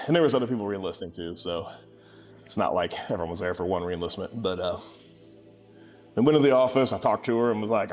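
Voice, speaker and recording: Young man, low voice, sarcastic casual storytelling, faint music behind. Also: fast. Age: 20s. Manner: sarcastic, animated when quoting people. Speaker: gym owner vlogger.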